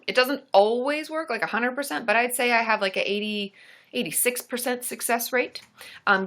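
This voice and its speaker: Bright-voiced woman giving chatty advice. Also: medium pitch. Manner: chatty, supportive, casual filler-heavy talk; laughs and jokes with her partner. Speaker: licensed therapist and channel host. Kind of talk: live-stream advice chat.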